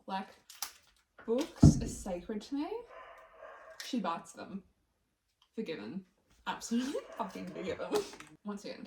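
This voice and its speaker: A young woman chatting in a casual home vlog, playful and self-deprecating, swearing casually. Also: mid-range voice. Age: young adult. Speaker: vlogger. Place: bedroom at home. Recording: roomy home recording, mic at a distance, clear background noise.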